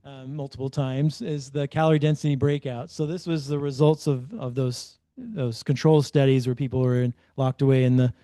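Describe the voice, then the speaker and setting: A man's voice: medium pitch, normal speed, few pauses, mellow, dry recording. A man hosting, giving loose casual commentary with frequent restarts. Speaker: host.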